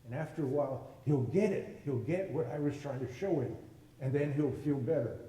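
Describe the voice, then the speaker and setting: A man's voice: on the high side, brisk, warm tone. A man teaching with stories, giving a spiritual talk to a gathering and acting out the voices of the people in his stories. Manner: storytelling, acts out quoted voices, folksy. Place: hall with a live audience. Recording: echoey room, voice from far off.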